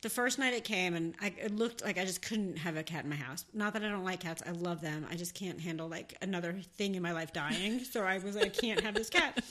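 A woman co-hosting a casual podcast, her accent a blend of New Jersey and the American South. Her voice is bright and forward, and she tells stories with animated, frequent laughter. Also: lowish voice, fairly quick, few pauses. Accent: mix of New Jersey and Southern US. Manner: animated, laughs often, storytelling. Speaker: podcast co-host. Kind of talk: casual chat.

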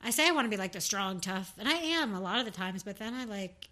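A woman's voice: mid-range voice, animated, quick pace, sharp tone. A woman from New Jersey co-hosting a podcast, chatting candidly and joking with frequent swearing. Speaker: podcast co-host. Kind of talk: casual podcast chat.

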